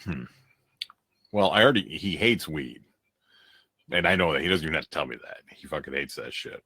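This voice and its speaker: A man's voice: very deep voice, animated, brisk, pushed and bright, slightly rough, no room sound. A man co-hosting a casual podcast chat, laid-back and blunt, swearing freely. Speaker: co-host answering questions.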